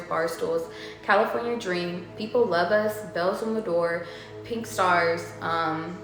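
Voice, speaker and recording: A woman tarot reader chatting casually, rambling between stories, swearing freely and laughing often. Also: mid-range voice. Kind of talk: casual chat. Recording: very echoey room, faint music behind.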